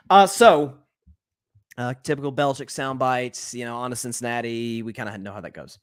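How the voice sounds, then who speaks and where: A man hosting a sports talk show, giving opinionated solo commentary in an animated way, with frequent restarts. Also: mid-range voice, brisk.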